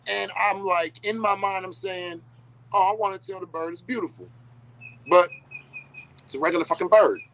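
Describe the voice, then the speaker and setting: A man telling a casual, profane story, animated and talking straight to his listeners. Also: a little high, a little hiss or hum, rough recording. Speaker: storyteller host.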